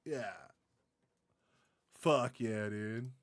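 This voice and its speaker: A man's voice: mid-range voice, very slow, no room sound. A man from Arizona giving a casual, profane reaction rant as a YouTube commentator, rambling and laughing a lot. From Arizona, USA.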